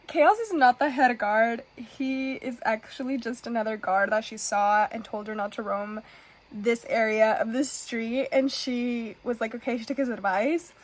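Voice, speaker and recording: A young woman with a high-ish voice films a casual reading vlog at home on a camera mic. As a book vlogger, she's gushing and excitable, full of "like" asides.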